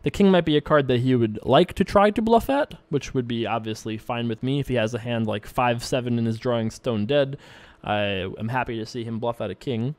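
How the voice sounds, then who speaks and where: A man casually commenting on his own online poker play as host, rambling and relaxed with frequent filler words. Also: mid-range voice, fairly quick, no echo. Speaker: poker player and show host.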